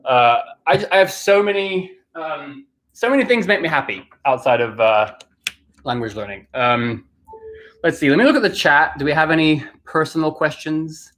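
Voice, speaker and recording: A man from the UK hosting a casual live Q&A, chatty and hesitant, pausing often with fillers as he answers. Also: fairly high pitch, lively intonation, a bit bright. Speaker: livestream host answering questions.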